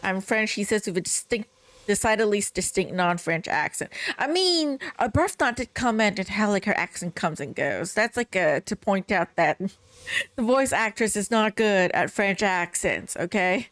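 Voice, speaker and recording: A woman's voice: mid-range voice, animated, moderate pace, a bit bright, no room sound. Young woman streamer, casual, sarcastic commentary over a game. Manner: chatty, blunt, sarcastic asides.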